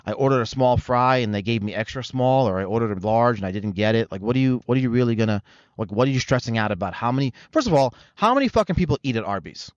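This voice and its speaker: A man ranting as a comedy host, sarcastic and profane, drifting off on tangents. His voice sits at an ordinary middle pitch. The sound is dry and a little dull. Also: expressive, quick pace, no room sound. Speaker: show host. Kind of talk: comedic commentary rant. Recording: slightly muffled dry recording.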